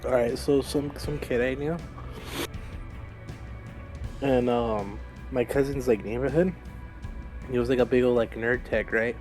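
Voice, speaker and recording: A young man tells an animated story in casual chat, laughing as he goes. His voice sits at a middle pitch, and music plays clearly behind him. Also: a little slow, long pauses. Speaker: podcast co-host.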